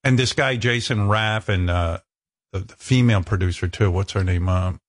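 A male radio host telling a story in casual chat, profane and self-mocking, leaping up in pitch whenever he acts out what other people said to him. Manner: acts out quoted people with quick pitch jumps.

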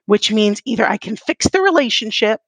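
A woman's voice: on the high side, lively intonation, a little fast, no echo. A woman co-hosting a podcast who speaks emphatically and dramatically in casual chat, repeating phrases for effect. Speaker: podcast co-host.

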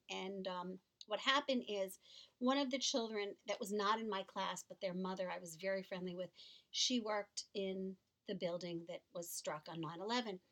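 A middle-aged woman co-hosting a podcast, speaking earnestly and warmly about a serious topic, often repeating words as she goes. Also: medium pitch. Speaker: podcast co-host.

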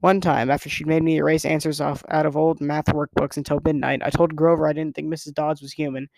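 Gravelly, slightly high male reader. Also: level tone, brisk, darkish tone, no echo. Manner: casual first-person storytelling, occasional stumbles. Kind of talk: reading a novel aloud as narrator.

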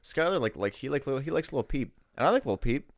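A man's voice: medium pitch, big pitch swings, quick pace, vocal fry, dry recording. A young man rambling through casual podcast chat, full of likes and swearing, on a close mic. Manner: rambling, filler-heavy, swears.

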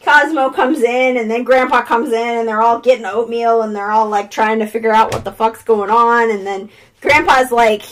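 High-voiced woman recapping a movie. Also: moderate pace, a little hiss or hum, rough recording. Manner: profane, animated retelling with voiced quotes.

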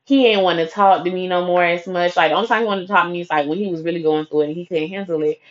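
A woman's voice: on the low side, very fast. A young woman casually telling a profane personal story, acting out the lines of the people in it. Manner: profane, lively retelling full of quoted dialogue. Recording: dull lo-fi recording.

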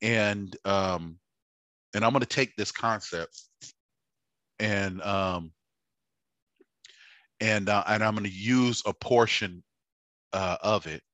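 A man preaching a sermon, halting with fillers and restarts, building to fervent emphasis. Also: on the low side, pushed and bright, no room sound.

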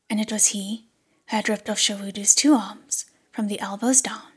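A woman's voice: medium pitch, a bit bright. A woman narrating an audiobook chapter in a whispered role-play. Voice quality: breathy whisper.

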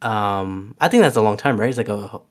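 A man's voice: on the low side, animated, a little fast. A man casually recapping a movie with a co-host, rambling with many fillers and restarts. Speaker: podcast co-host. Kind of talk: casual movie rewatch chat.

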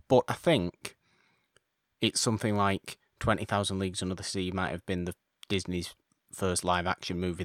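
Man, podcast host, casual chat, very low voice, rambling and self-correcting, dry close sound. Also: dry recording.

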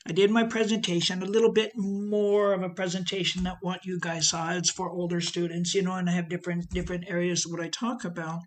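A woman's voice: on the low side, a little fast, hardly any pauses. A middle-aged woman from the United States talking casually to a group, telling personal stories with lots of fillers and asides. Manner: animated storytelling, many fillers and asides. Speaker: guest speaker. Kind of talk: casual talk to an audience.

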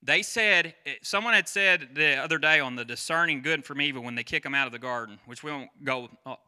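A pastor in his forties giving a conversational sermon, chatty and quick to quiz the congregation and wander off on side stories. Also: fairly high pitch, bright, forceful tone, clear, resonant tone. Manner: chatty, asks the crowd questions, goes off on tangents.

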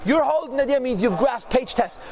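A man teaching a Torah class, reading Hebrew and Aramaic phrases and translating them quickly into English, emphatic and repetitive. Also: very high-pitched, animated, darkish tone. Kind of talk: Hasidic text class.

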